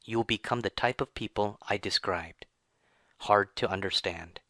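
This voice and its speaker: A man narrating a scripted English lesson, reading in a slow, even and careful way. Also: lowish voice, no room sound. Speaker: English teacher.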